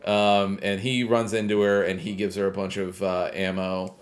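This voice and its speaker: A man's voice: sits low, flat delivery, moderate pace. A man co-hosting a casual podcast, retelling a game's story in a rambling way with lots of "like" and "uh". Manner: rambling retelling, heavy use of "like" and "uh". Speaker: podcast co-host. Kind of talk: casual chat recapping a game plot.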